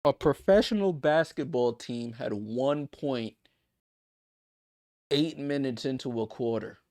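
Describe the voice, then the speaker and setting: A man hosting a livestream watchalong, calling a basketball game with exasperated, disbelieving commentary, swinging between loud outbursts and muttered asides. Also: mid-range voice, slow pace, dry recording, clean studio sound.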